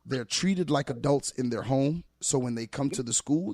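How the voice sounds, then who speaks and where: A man's voice: mid-range voice, normal speed, dry recording, studio quality. Emphatic male teacher telling stories. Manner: emphatic, animated storyteller. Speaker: teacher guest. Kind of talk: casual podcast conversation.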